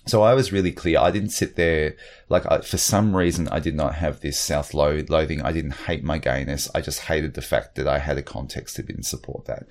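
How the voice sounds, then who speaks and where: A man's voice: very deep voice, normal speed. A middle-aged man talking in an interview, hesitant, with many fillers and restarts. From Australia. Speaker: guest. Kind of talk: reflective interview talk.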